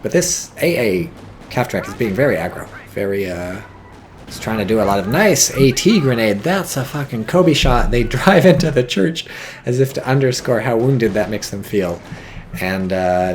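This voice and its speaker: A man giving casual, rambling game commentary, joking and swearing and getting excited as things happen. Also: medium pitch, a little hiss or hum. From not British. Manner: rambling, jokey, swears freely, gets excited.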